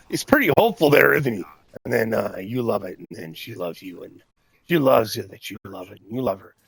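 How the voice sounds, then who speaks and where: Older male streamer, gruff and husky, swears freely, chatty play-by-play. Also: lowish voice, lively intonation, moderate pace, no echo. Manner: profane, rambling, laughs often. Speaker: game streamer. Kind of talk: casual gaming commentary.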